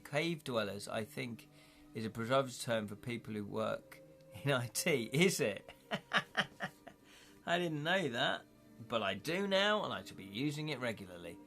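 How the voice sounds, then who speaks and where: A man's voice: a little high, fairly bright tone. A man chatting casually on a live stream as he plays through a gamebook, thinking aloud and correcting himself as he counts up dice rolls.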